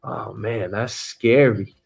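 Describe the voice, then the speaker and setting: A man's voice: lowish voice, steady tone, takes it slowly, vocal fry, breathy edge, soft background music. A man hosting a news talk stream as a comedian, rambling and swearing freely, with lots of filler words. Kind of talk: casual profane commentary.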